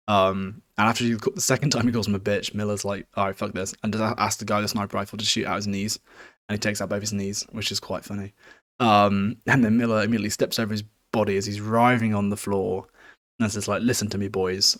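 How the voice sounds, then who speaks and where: A man hosting a podcast, giving a casual, rambling chapter recap and chuckling often. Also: fairly low pitch. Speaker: podcast host.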